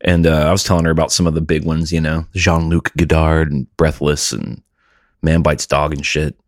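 A man's voice: rumbling low, flat delivery, moderate pace, no room sound, studio quality. A man in casual chat, laid-back and sarcastic about movies.

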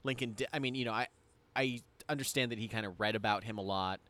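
A man's voice: fairly low pitch, quick pace, a bit bright. A man co-hosting a podcast, chatting casually with fillers and jokes. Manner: rambling, jokey, with many fillers. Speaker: podcast co-host. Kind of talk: casual chat.

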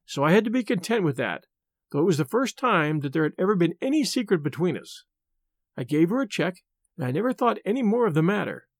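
A man's voice: high voice, big pitch swings, quick pace, no echo. A man narrating a classic story in the first person, reading expressively as an audiobook narrator.

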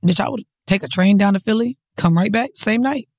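A woman's voice: medium pitch, fairly quick, darkish tone, dry recording, studio quality. A woman from New York co-hosting a podcast, talking in a blunt, profane, emphatic way. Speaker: podcast co-host. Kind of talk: casual chat.

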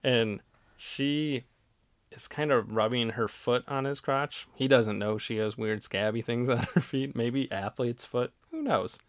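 A woman's voice: very deep voice, unhurried, dry recording, clean studio sound. A woman co-hosting a casual podcast, who retells movie scenes in a laid-back, agreeable way. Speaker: podcast co-host. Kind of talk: casual movie-review chat.

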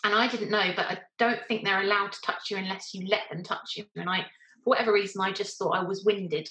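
Bright-voiced woman telling a wry story. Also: mid-range voice, steady tone, a little fast, echoey room, rough recording. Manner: wry, self-mocking, laughs between lines. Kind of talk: personal anecdote told casually.

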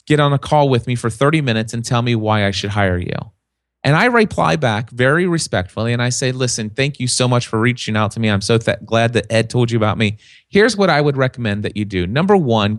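A man's voice: mid-range voice, no room sound, clean studio sound. A man talking as a podcast guest, telling stories and acting out other people's voices in a casual chat. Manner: animated storyteller, acts out quoted voices.

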